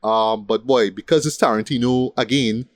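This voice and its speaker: A man's voice: medium pitch, moderate pace, dry recording, studio quality. A man co-hosting a casual film review podcast, rambling and tagging sentences with "right?". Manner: rambling, repeats "right?" often. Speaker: podcast co-host.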